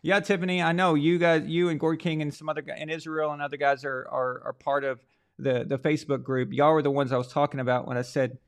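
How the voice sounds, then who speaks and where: A man's voice: on the high side, little pitch movement, fast, clean tone. Joking man hosting a live sports stream. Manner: joking, rambling, mock French voice at times. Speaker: host. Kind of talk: live-stream chat, reading viewer comments.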